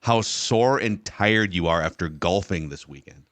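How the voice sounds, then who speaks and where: A man's voice: sits low, unhurried, fairly bright tone, dry recording. A man hosting a podcast in casual chat, teasing his co-hosts wryly and steering the conversation. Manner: wry, teasing, steering the talk. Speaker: podcast host. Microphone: studio microphone.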